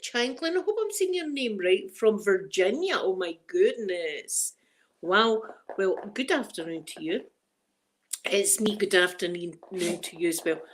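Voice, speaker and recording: A woman's voice: mid-range voice, expressive, a little slow, a little hiss or hum. A middle-aged Scottish woman hosting a casual live chat, emotional and fighting back tears as she greets viewers by name. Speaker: livestream host.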